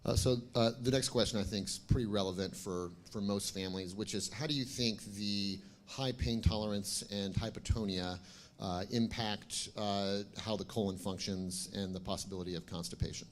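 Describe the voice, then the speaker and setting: A man's voice: fairly low pitch, fairly even intonation, normal speed, a little hiss or hum. A man moderating a conference panel, chatting casually as he adds comments and puts questions to the speakers. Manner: conversational, posing questions to the panel.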